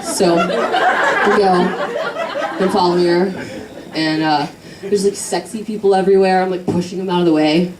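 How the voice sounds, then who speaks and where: A woman's voice: lowish voice, steady tone, normal speed, a crowd in the background, background noise. A young woman doing a stand-up set on a club stage, telling a rambling, self-deprecating story with crude jokes while the audience laughs. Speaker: stand-up comedian. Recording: roomy club audio from a distance.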